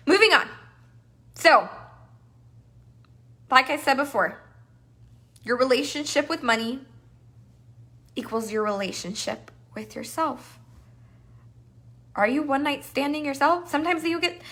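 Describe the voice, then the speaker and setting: A business coach leads a live masterclass in a high-pitched voice, animated and playful. She acts out the voices in people's heads.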